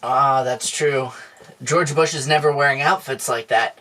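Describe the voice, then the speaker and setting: A man co-hosting a comedy podcast, deadpan and mock-reassuring, with frequent stammers. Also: mid-range voice, a little slow. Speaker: podcast co-host.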